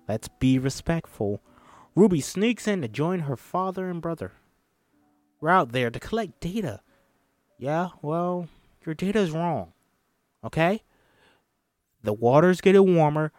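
Faint music plays behind a man with a fairly high voice who reads at a moderate pace. He's doing a one-man table read of a film script, animatedly voicing every role as well as the stage directions.

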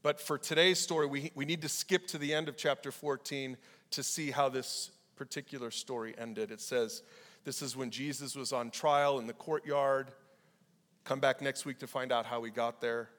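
A man preaching a casual, animated youth sermon, acting out the people in the story in quick voices. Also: medium pitch. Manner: animated, acts out quoted voices. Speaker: pastor. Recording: hall reverb.

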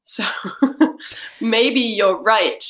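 A woman who is a singer, co-hosting a podcast in a relaxed, reflective chat. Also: medium pitch, normal speed. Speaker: podcast co-host.

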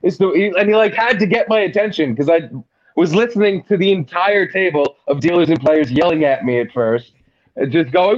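A man telling a casual story, animated and swearing freely. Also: high-pitched, fairly quick, highs cut off, a crowd in the background. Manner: animated, swears freely, mimics others' voices.

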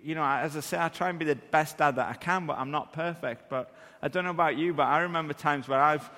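A man, preaching and telling a funny story about himself in a lively way that acts out the scenes. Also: fairly high pitch, quick pace, in a large hall. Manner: animated, self-deprecating, acts out scenes. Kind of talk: humorous sermon storytelling.

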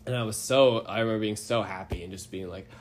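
A man's voice: on the low side, fast talker, a crowd in the background. A young man casually telling a story on a podcast, rambling and self-deprecating, often laughing mid-sentence. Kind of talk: casual chat.

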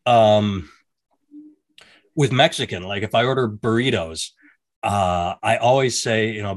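A man's voice: fairly low pitch, a little slow, pauses often, no room sound. Rambling man telling stories in casual chat. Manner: rambling, self-interrupting, acts out quoted voices. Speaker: podcast co-host.

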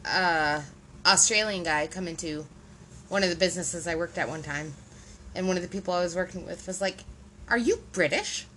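A woman's voice: lowish voice, normal speed, pushed and bright, a little hiss or hum, poor audio. A woman co-hosting a casual podcast, explaining things patiently with lots of "like" and "right?" checks. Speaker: podcast co-host.

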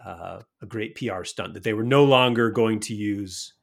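A man's voice: fairly low pitch, normal speed, vocal fry. A man co-hosting a casual podcast chat who teases his partner and adds wry asides and trivia. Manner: wry, teasing, with offhand asides. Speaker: podcast co-host.

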